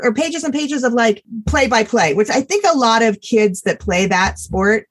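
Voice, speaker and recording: A woman's voice: a little high, animated, moderate pace, few pauses, slightly rough. A middle-aged woman, a former teacher and parent, chatting casually as a podcast co-host, emotional and gushing, often trailing off and restarting. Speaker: podcast co-host reviewing children's books. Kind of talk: casual chat.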